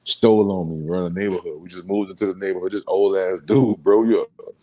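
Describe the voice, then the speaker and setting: A rapper from New Orleans, Louisiana in a casual sit-down interview, telling emotional stories in street slang and filler phrases. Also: male voice, low voice, fairly even intonation, brisk, dark tone.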